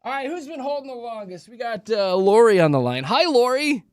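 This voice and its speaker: A man hosts a morning radio show with a high, bouncy voice that swoops all over. He teases callers and cohosts in playful banter, recorded close and dry. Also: fairly quick, clean tone, no room sound. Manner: teasing, animated.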